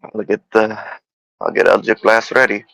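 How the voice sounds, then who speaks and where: A man's voice: on the low side, steady tone, moderate pace, vocal fry, a bit bright, dry recording, rough recording. A man playing in a tabletop role-playing game, hesitant and casual, with frequent restarts and casual swearing. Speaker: player.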